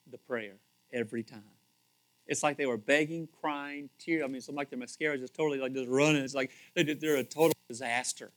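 A man preaching a sermon in a conversational, animated way, repeating himself and swinging between loud emphasis and quiet asides. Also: medium pitch. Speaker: pastor.

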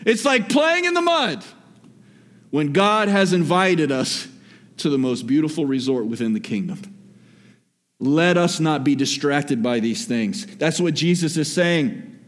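High-voiced preacher in a reverberant church hall. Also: male voice, animated, measured pace. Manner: dynamic preaching, swings from loud calls to hushed asides. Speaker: pastor. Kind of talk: sermon.

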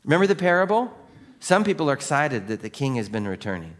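A man preaching a sermon as a pastor, animated and full of questions to the congregation, dropping to a slow, quiet voice for solemn points. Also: mid-range voice.

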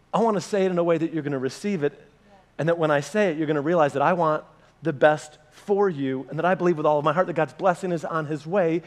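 Male pastor, high voice, animated sermon delivery that speaks directly to the congregation. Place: church meeting room with a live audience.

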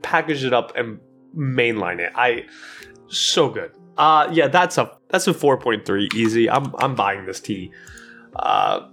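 Male podcast co-host, mid-range voice, animated and jokey, stumbles and restarts often. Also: medium pitch, unhurried, soft background music. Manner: animated, joking, lots of restarts and fillers. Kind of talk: casual chat.

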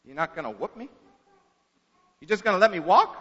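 A man's voice: lively intonation, brisk. A man voicing a pleading young boy. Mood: defiant. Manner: high, strained and loud when pleading. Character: defiant young schoolboy, later sobbing. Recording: echoey hall, dull lo-fi sound.

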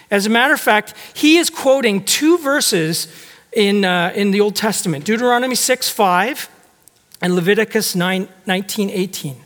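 In a high-sitting, fairly bright voice, a man preaches in a church, speaking conversationally and posing rhetorical questions to the congregation. He acts out quoted speech with shifting tones, and long hall reverb surrounds the recording.

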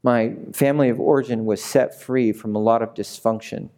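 Mellow-voiced passionate male pastor. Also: medium pitch, fairly even intonation, moderate pace. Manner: passionate, repetitive, asks the audience direct questions. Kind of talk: sermon.

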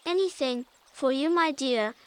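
A foolish storybook crocodile who lives to please his wife, voiced by a woman narrator. He speaks mildly and agreeably, in a fairly high voice. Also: unhurried. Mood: agreeable. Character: fond, foolish male crocodile, eager to please.

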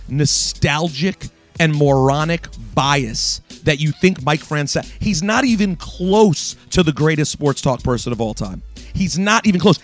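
A man hosting a sports talk radio show, delivering an emphatic, opinionated monologue straight at his listeners. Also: on the high side. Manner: emphatic, ranting, addresses listeners directly.

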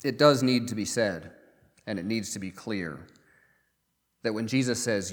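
A male pastor gives a sermon in an easygoing, conversational manner, leaning on um and uh and repeating words as he thinks aloud. His voice sits somewhat low. The sound carries a long reverberant tail from a large church hall. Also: expressive, normal speed.

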